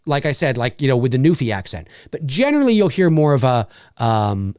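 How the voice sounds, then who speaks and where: A man's voice: on the high side, very animated, fairly quick, a little mellow, smooth, no room sound, clean studio sound. A middle-aged Canadian man with a Canadian accent, hosting a casual livestream, reading chat comments and repeating himself enthusiastically.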